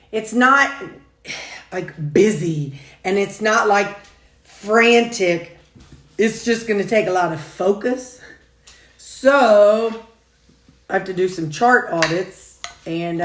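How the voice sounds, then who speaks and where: A woman with a drawl rambles folksily about her meals, chuckling as she goes. Her voice sits at an ordinary middle pitch. The room rings with echo, and dishes clatter faintly behind her. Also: a bit bright. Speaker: food and weight-loss vlogger. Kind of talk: casual chatty talk while eating. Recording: echoey room.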